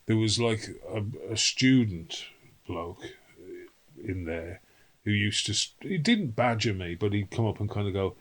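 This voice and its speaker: Low-voiced older man, rambling. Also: moderate pace, low-quality recording. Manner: rambling storyteller, salty swearing, acts out quotes. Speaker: interview guest, singer. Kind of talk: casual anecdotal interview.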